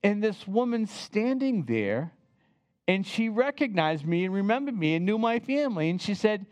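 An older man telling a personal travel story in a lively, chatty way, often turning to the listeners to share a memory. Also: sits high, moderate pace, dry recording. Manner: animated, chatty, asks the listeners to remember with him.

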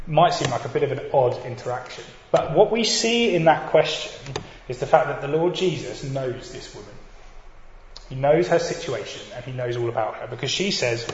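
A man's voice: medium pitch, expressive, a little fast. A man preaching a sermon, earnest and reflective, speaking directly to his listeners. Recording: dull echoey hall with faint noise.

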